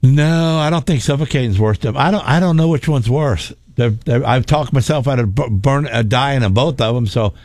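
Man, storyteller, animated, dry close sound, repeats words when excited. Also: medium pitch, normal speed, hardly any pauses, dry recording. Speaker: former race car driver telling stories. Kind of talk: casual storytelling chat.

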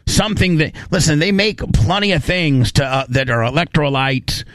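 A man's voice: on the high side, steady tone, normal speed, a bit bright, no room sound. Rambling talk-radio host man. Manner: rambling, loose and joking, many fillers. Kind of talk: casual talk radio banter.

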